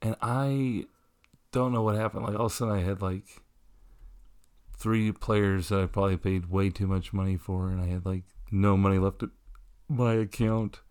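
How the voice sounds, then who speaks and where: A man's voice: fairly low pitch, steady tone, moderate pace, a little mellow, clear, resonant tone. A man co-hosting a casual podcast, telling a rambling story and laughing often as he talks. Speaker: podcast co-host. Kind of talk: casual chat.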